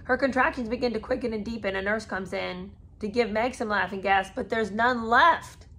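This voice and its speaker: A woman's voice: on the high side, normal speed, sharp tone. Sarcastic woman reading a memoir aloud. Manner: sarcastic, incredulous asides between read passages. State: mother of three. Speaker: podcast host.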